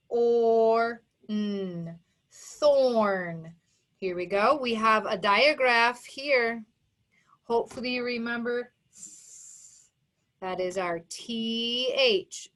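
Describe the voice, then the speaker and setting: Woman, phonics teacher, very slow pace, fairly high voice, sounds out syllables. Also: fairly bright tone. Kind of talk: phonics lesson to young children. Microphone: recorded for an online video lesson.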